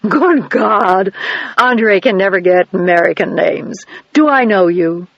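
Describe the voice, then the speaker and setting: A man's voice: sits high, expressive, creaky, fairly bright tone, no echo, lo-fi sound, heavily acted. A male narrator voicing a blunt, direct middle-aged American countess in an audiobook. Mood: surprised. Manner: blunt, direct, quick exclamations.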